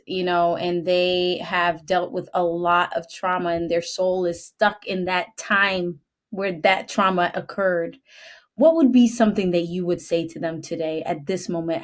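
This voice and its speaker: A woman hosting a podcast who asks her guest questions in an enthusiastic, encouraging way. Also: fairly low pitch. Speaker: podcast host. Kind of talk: interview conversation.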